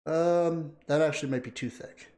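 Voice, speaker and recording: A chatty, excitable man talks to his live-stream viewers. His voice sits a little high for a man, and the room gives it a noticeable echo. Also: normal speed, slight background noise. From Canada. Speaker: live-stream reaction host. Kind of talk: casual live-stream chat, greeting viewers. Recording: roomy echo.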